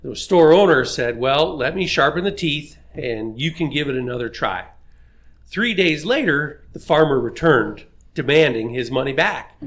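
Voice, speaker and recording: A man's voice: medium pitch, expressive, moderate pace, fairly bright tone. A man on a casual podcast telling a story joke and acting out the characters' lines. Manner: storytelling, acts out dialogue. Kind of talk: casual chat.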